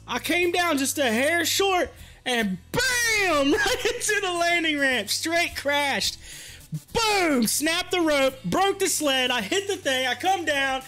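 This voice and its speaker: A man hosting a livestream, telling a story in animated casual chat, laughing often and acting out what people said. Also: very high-pitched, a little slow, faint music behind. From rural area. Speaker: livestream host.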